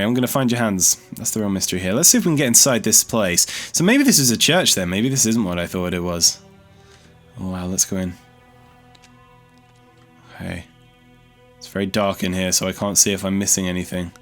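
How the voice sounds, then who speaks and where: A man's voice: deep voice, lively intonation, normal speed, pauses often, fairly bright tone, faint music behind. A man giving casual gameplay commentary as a let's play host, chatty and thinking aloud as he explores, easily startled.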